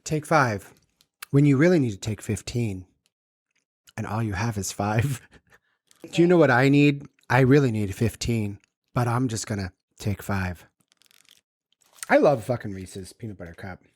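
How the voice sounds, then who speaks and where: A man's voice: mid-range voice, animated, unhurried, long pauses. A man co-hosting a podcast, chatting casually and telling loose stories with plenty of swearing and laughter. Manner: loose, profane, laughing storyteller. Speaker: podcast co-host. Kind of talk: casual chat.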